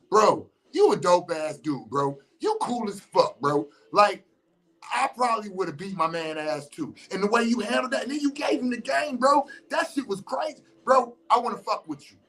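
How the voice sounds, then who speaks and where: A high-pitched man with lively intonation and a somewhat bright tone speaks at normal speed. He's recounting an encounter in casual, slangy speech, cursing freely and voicing what others said.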